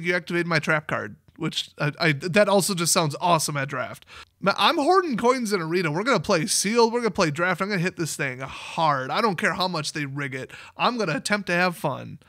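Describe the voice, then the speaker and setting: A man casually commenting on card game previews, chatty and excitable, laughing often. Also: sits high, dry recording, clean studio sound.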